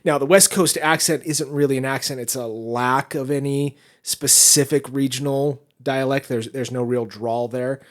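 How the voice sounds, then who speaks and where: A man's voice: medium pitch, steady tone, moderate pace, hardly any pauses. A man from California with a light Utah drawl, chatting casually as a podcast co-host. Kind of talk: casual chat.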